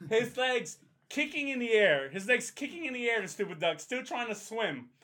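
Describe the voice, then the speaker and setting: His voice is very high and his pace moderate. As a podcast storyteller, this young man recounts a long tale to friends in casual chat, swearing heavily and performing the voices of its characters with animation.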